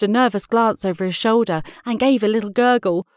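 A woman reads children's stories in an expressive, measured voice of middle pitch. The sound is dry and close, with no room echo. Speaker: storyteller. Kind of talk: storybook reading.

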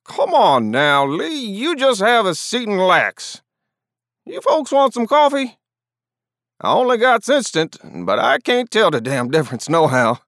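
A man's voice: sits high, big pitch swings, measured pace, a bit bright, no echo, clean studio sound, pitched above the performer's own voice, full character voice. A man voicing a drunk, rowdy rural man with a slurred, drawling voice. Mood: drunken friendly. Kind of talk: audiobook character voice.

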